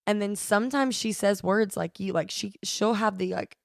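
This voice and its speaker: A woman's voice: mid-range voice, normal speed, creaky, dry recording, clean studio sound. A woman from the American South with a Southern accent, chatting casually as a podcast co-host and laughing often, recorded on a phone at home. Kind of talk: casual chat.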